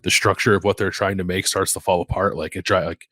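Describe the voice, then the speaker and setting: A man co-hosting a podcast, chatting in an easygoing, halting way. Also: deep voice, little pitch movement, sharp tone, no room sound. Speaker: podcast co-host. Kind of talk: casual podcast chat.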